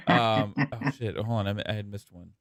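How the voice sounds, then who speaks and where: A man's voice: on the low side, fairly bright tone, dry recording, clean studio sound. A man hosting a podcast, reading viewer super chats aloud in a loose, laughing manner. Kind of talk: casual gaming podcast chat.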